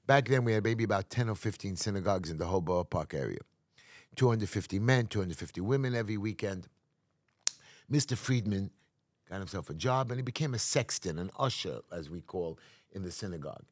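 Low-voiced New storyteller, emphatic man. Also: expressive, a little fast, dry recording, studio quality. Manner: emphatic, acts out quotes, restarts often. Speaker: guest, community activist. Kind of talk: dramatic storytelling in an interview.

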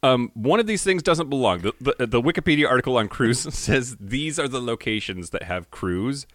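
A man co-hosting a casual podcast chat, giggly and riffing, sometimes jumping into high squeals. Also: lively intonation, moderate pace, a bit bright, no room sound. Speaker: podcast co-host.

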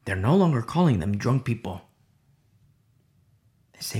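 A male preacher delivering a dramatic sermon, swinging from loud declarations to hushed whispers. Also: medium pitch, big pitch swings, measured pace, pauses often.

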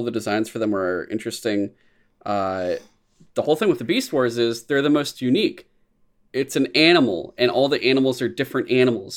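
Brief: man co-hosting a loose, profane chat. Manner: loose and profane, jumps into shrill mock voices. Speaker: podcast co-host. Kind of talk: casual chat.

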